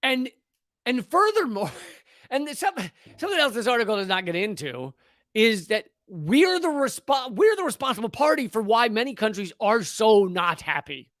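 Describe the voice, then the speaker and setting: Male comedian, sarcastic rant, swears a lot, high-pitched voice, dry close sound. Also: sing-song, normal speed, fairly bright tone, no echo. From United States. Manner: profane, sarcastic and exasperated. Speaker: comedian and political commentator. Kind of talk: comedic rant reading and reacting to an article.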